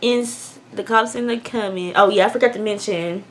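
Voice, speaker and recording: A young woman telling a personal story in a candid, emotional way, swinging between hushed and loud. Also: mid-range voice, fairly even intonation, brisk. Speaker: vlogger. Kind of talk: storytime vlog.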